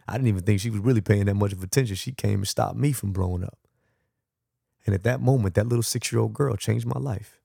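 A man hosting a podcast, telling a personal story with animated, acted-out dialogue and frequent laughs. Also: lowish voice, gravelly, no echo, studio quality. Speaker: podcast host.

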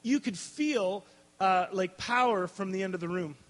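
High-voiced man preaching in a hall. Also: measured pace. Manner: animated, laughs often, restarts sentences. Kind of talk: storytelling sermon. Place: large hall before a live audience. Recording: long hall reverb.

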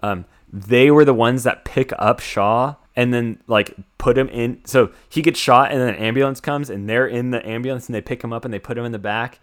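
A young American man hosts a casual chat, recapping a film in a rambling way packed with "like" fillers and restarts. He speaks fairly quickly in a mid-range voice, hardly pausing.

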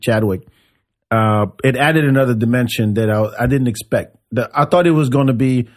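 A man's voice: medium pitch, fairly quick. A man hosting a podcast, chatting casually, teasing his guest and laughing. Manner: laughs and teases, stumbles over names. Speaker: podcast host. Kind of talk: casual chat.

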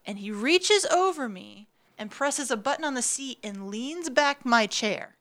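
A young woman telling a dating story as a podcast guest, animated and full of fillers, with plenty of swearing. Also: sits high, measured pace. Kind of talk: casual storytelling. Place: studio.

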